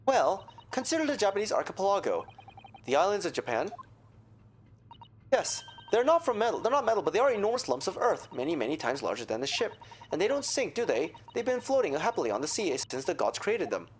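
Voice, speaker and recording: A streamer voicing a polite, cheerful young Japanese woman in a video game, explaining things gently and courteously. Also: mid-range voice, big pitch swings, fairly quick, slight background noise, natural voice.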